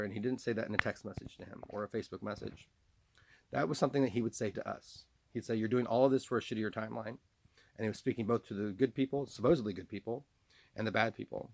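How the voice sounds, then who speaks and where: A man with a low, gravelly voice talks in a long, rambling monologue. He speaks in an accusatory way and refers to himself in the third person. There is a faint hiss under the recording. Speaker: vlogger. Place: trailer home.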